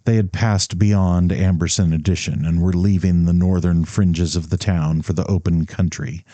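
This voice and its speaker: Low-voiced man reading a novel aloud. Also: steady tone, normal speed, dark tone, dry recording. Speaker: audiobook narrator. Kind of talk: scripted narration.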